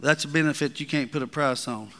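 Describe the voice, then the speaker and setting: A man preaching a sermon as pastor, building to emphatic peaks and dropping to quiet asides. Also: on the high side, fairly quick, in a large hall. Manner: preaching, rising and falling with emphasis.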